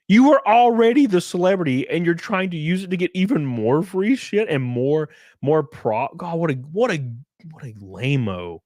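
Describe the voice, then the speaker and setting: A man hosting a livestream, ranting and commentating in a sarcastic, animated way. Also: on the high side, normal speed, no echo, studio quality. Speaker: livestream host.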